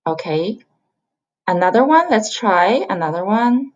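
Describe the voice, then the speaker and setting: In a beginner pronunciation lesson, a woman from China who teaches Chinese patiently repeats sounds to model the tones. She speaks at a measured pace in a lowish, expressive voice, captured on a slightly dull lo-fi recording.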